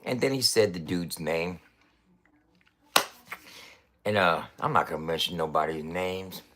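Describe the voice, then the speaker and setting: A man's voice: low-pitched, measured pace, pushed and bright. A middle-aged man ranting in a casual, profane way, swearing often and coughing between lines. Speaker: website founder ranting to camera.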